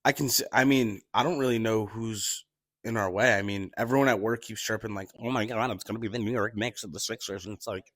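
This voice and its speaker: A man telling stories in casual chat, animated, swearing and laughing as he goes. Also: on the low side, a little fast, no echo. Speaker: podcast guest telling stories.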